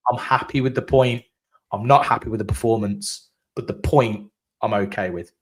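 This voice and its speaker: A man's voice: lowish voice, normal speed, husky. A man co-hosting a live post-match fan chat, talking casually and animatedly, with the odd swear. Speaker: fan channel co-host.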